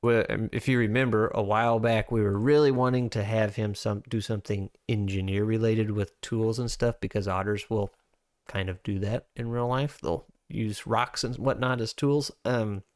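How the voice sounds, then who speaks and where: A man hosts a casual livestream, thinking aloud in a loose, rambling way as he works through tabletop game rules. His voice is fairly low with fairly even intonation and a normal speed. The sound is clean studio quality with no room sound.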